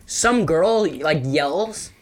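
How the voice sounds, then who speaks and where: A young man chatting casually, rambling through a story with lots of fillers and animated bursts. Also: fairly high pitch, drawn-out words. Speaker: storyteller guest. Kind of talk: casual podcast chat.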